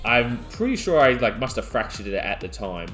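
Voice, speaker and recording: A young adult man, co-hosting a podcast and telling a wild story in excitable casual chat. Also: medium pitch, normal speed, soft background music. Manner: animated, excitable storytelling, yelling out quoted lines. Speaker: podcast co-host.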